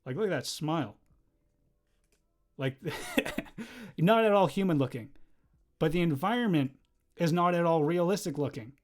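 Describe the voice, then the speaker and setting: A young man chatting casually on a livestream while he draws, rambling and easily distracted, laughing often and bursting into loud excited exclamations. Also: a little high, measured pace, pauses often. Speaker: livestreaming animator.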